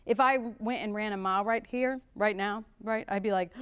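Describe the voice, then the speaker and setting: A woman's voice: medium pitch, steady tone, a little fast, a bit bright, clean tone, lo-fi sound. A woman therapist teaching a couples workshop at a church, talking conversationally and acting out little examples. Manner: conversational, acts out examples with gasps and sighs. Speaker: marriage and family therapist teaching a couples class. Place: church hall.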